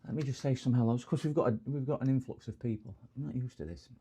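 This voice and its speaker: A medium-pitched, husky voice moving at a quick pace: a middle-aged Englishman running a repair livestream. He chats and jokes casually with the audience, rambles across topics, and welcomes the chat with loud, warm bursts of hello.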